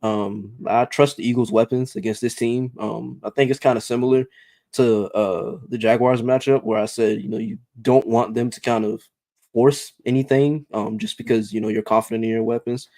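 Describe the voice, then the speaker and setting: A man co-hosting a sports podcast, giving measured analysis with lots of ums and you-knows. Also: medium pitch, steady tone, mellow, no room sound. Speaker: podcast co-host.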